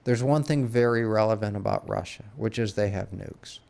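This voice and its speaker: A man co-hosting a casual podcast, talking in a laid-back way with swearing and halting restarts. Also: on the low side, gravelly, a little mellow. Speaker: podcast co-host. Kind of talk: casual chat.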